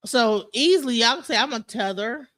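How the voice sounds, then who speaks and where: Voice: medium pitch, expressive, normal speed, bright, forceful tone, dry recording. A livestream host with a Detroit accent, ranting casually and bluntly, heated and profane, with frequent restarts.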